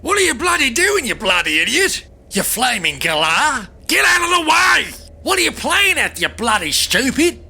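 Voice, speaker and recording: A man putting on a loud, angry Australian driver's voice with an Australian accent, yelling insults. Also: extremely high pitch, sing-song, normal speed, vocal fry, slightly rough, voice pushed up, full character voice. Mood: furious. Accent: Australian (put on). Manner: shouting insults, furious.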